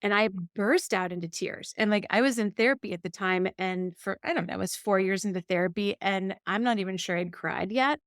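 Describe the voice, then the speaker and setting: A woman's voice: mid-range voice, fairly quick, hardly any pauses, clean tone, no echo, clean studio sound. A woman co-hosting a podcast, telling a personal story in casual chat and acting out the quoted voices. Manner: animated storyteller, acts out quotes. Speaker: podcast co-host.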